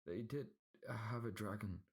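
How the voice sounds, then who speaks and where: A man's voice: lowish voice, measured pace, slightly rough, voice pushed up. A man voicing a terrified male servant who lisps and stutters, pleading in a panic, in a storybook reading. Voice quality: stuttering, lisping.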